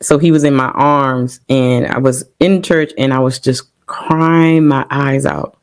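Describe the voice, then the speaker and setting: A woman's voice: rumbling low, steady tone, unhurried. A middle-aged woman sharing an emotional personal testimony on a talk show, full of fillers and trying not to cry. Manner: emotional, holding back tears, many fillers. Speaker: podcast guest sharing testimony.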